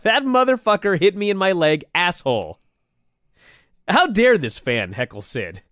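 A man co-hosting a podcast in casual chat, animated and swearing freely, shouting when he quotes someone. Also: sits high, unhurried, no echo, studio quality. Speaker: podcast co-host.

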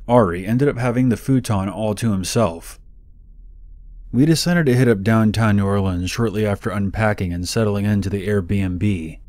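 A man narrating a true scary story in a calm, measured, scripted reading. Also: fairly low pitch.

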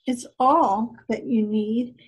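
Woman doing a gentle wise man, hushed, breathy, unhurried. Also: on the high side, steady tone. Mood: tender. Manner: soft and hushed, sometimes whispered. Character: gentle, wise robed man, calm and loving.

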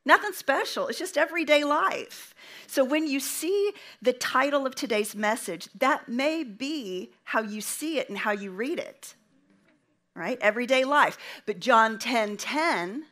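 Woman preacher, sermon delivery: slow and deliberate, pitched a little high, leans into each phrase with pauses. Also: animated, fairly bright tone. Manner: invites the congregation to respond.

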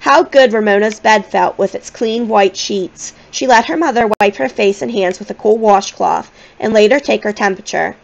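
A woman's voice: medium pitch, normal speed, creaky, hardly any pauses. Woman reading a children's novel, muffled. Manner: gentle, expressive storytelling. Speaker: audiobook reader.

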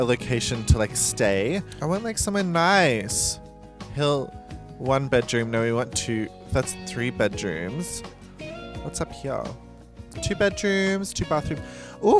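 Drag queen let's-play host, young, chatty and foul-mouthed, pitch swinging all over, game music faint behind. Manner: chatty, swears freely, gushing exclamations. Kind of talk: casual gameplay commentary.

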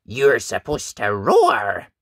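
A man voicing a stubborn little boy knight in a read-aloud storybook, shouting in a high bratty voice. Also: very animated, very slow, gravelly, breathy edge, dry recording, studio quality, exaggerated voice. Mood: earnest.

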